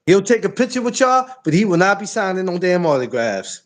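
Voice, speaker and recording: A man hosting a podcast in casual banter, loud and joking, repeating himself for effect. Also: sits high, big pitch swings, brisk. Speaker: podcast host.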